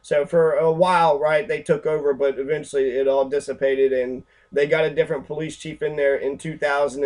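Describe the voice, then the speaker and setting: Heated profane man with a higher voice. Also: a little mellow. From Louisville, Kentucky. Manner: heated, profane, rambling, with many fillers. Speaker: activist lecturer. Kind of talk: angry profane talk over pictures.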